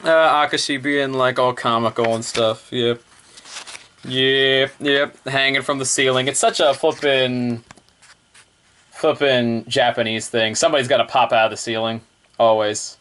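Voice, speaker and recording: A man's voice: mid-range voice, fairly even intonation, a little slow, a bit bright, slight background noise. Rambling, chuckling male reviewer. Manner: rambling, laughs often, repeats fillers. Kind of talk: casual review vlog.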